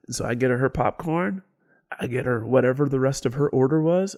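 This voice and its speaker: A man's voice: medium pitch, a little fast. A man, co-hosting a podcast and telling stories animatedly, acting out the people in them with sudden whispers and bursts of volume. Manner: animated storyteller, acts out quotes, sudden whispers and shouts. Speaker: podcast co-host. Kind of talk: casual storytelling chat.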